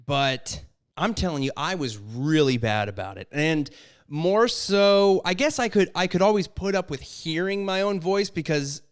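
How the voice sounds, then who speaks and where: Smooth-voiced young man, podcast co-host. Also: expressive, measured pace. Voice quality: high tones that he can bring low. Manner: self-deprecating, rambling with restarts. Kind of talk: casual podcast chat. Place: apartment. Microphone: studio microphone with headphones.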